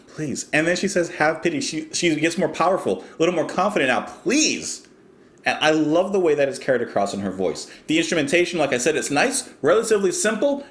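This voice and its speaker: A man's voice: medium pitch, fairly bright tone, echoey room. A man giving casual, thoughtful commentary while reacting to music, explaining what he hears. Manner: thoughtful, explanatory, pauses to restart.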